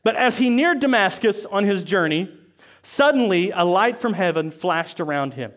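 High-voiced man preaching a sermon. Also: expressive, normal speed, a bit bright. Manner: conversational preaching with asides. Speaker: pastor. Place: church service.

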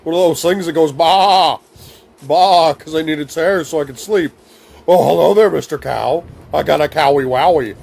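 Man, young adult, gravelly husky voice, goofy baby-talk game commentary, fairly high pitch. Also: brisk, a little mellow. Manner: goofy baby talk and rhyming nonsense words. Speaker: gaming video host. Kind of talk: silly comedic let's-play commentary.

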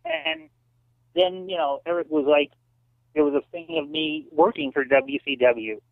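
A man's voice: lively intonation, a little slow, vocal fry, no room sound. A man who is a former kickboxer and wrestling promoter, telling stories as an interview guest and acting out the people he quotes. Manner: acts out quoted voices with big pitch jumps. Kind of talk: animated storytelling in an interview. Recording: tinny phone-like line, dry.

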